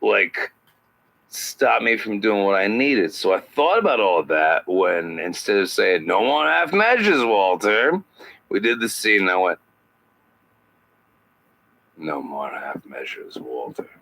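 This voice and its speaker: A man doing a satirical impression of an older male actor as a podcast guest, speaking in halting phrases with odd pauses. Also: lowish voice, sing-song, creaky, sharp tone, heavily acted, poor audio. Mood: musing.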